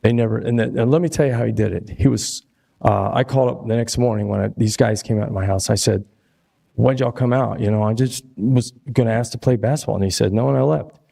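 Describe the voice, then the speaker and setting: Gravelly older man airing a grievance. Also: on the low side, fast talker, warm tone. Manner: rambling and aggrieved, loses his place. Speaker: resident making public comment. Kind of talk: public comment at a city meeting. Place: city hall meeting chamber.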